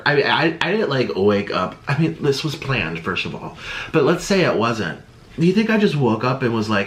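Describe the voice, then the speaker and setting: Male vlogger, mid pitch, sarcastic animated rant, roomy echo. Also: brisk. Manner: animated, sarcastic, mocking voices of others. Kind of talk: casual rant to camera. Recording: echoey room.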